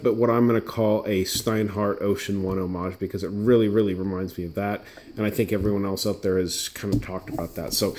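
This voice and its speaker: A man's voice: on the low side, slight background noise. A man hosting his watch channel, giving a casual, chatty unboxing review with lots of ums and asides. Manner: relaxed and chatty, full of fillers and asides.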